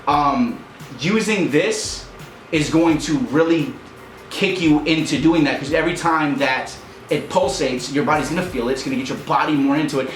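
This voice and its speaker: This rap coach and channel host has a fairly high, slightly bright voice as he leads a tutorial, counting beats aloud and keeping his explanations casual and upbeat. Music plays in the background of the echoey room.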